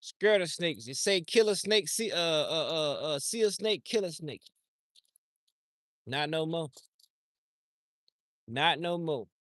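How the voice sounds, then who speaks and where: A man's voice: a little high, animated, slow, long pauses, a bit bright, no room sound, studio quality. A man livestreaming outdoors, talking in a loose, rambling, slangy way and often repeating himself. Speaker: livestream host. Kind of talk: casual rambling chat.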